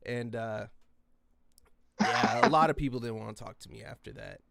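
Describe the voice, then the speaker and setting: A man in his twenties telling rambling, profane stories in casual podcast chat, breaking into yelled quotes. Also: mid-range voice, normal speed, vocal fry. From US West Coast. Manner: rambling, profane, animated, yelling out quoted lines.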